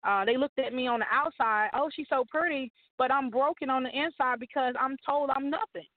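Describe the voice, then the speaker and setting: Woman pastor preaching at ya, high voice, phone-line tinny sound. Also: steady tone, a little fast, no echo. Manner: emphatic, repeats rallying phrases like a preacher. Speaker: guest author and pastor. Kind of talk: testimony and encouragement on a talk show.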